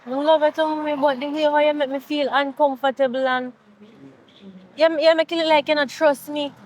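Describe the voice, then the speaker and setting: A woman with a Jamaican accent playing a young adult daughter who speaks softly and reassuringly. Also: sits high, steady tone, normal speed, close to an everyday voice. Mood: hurt. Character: young adult daughter, hurt but forgiving. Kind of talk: film drama acting.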